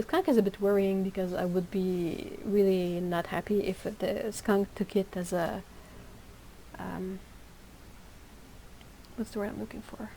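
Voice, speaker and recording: Woman livestream host; chatty and easygoing, reacting to chat, warm mellow tone. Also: mid-range voice, a little hiss or hum, low-quality recording.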